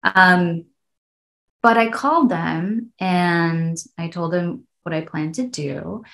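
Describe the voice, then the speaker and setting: A woman's voice: fairly low pitch, slow pace, creaky, fairly bright tone. A woman in her thirties, an actress and guest, telling her story candidly in a podcast interview, tearful at times.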